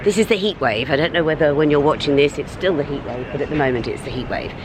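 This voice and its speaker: A middle-aged British woman talking to camera in a casual vlog, ranting animatedly with big swings in pitch. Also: quick pace, background noise. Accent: British English. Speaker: vlogger. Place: at home and out on a city street.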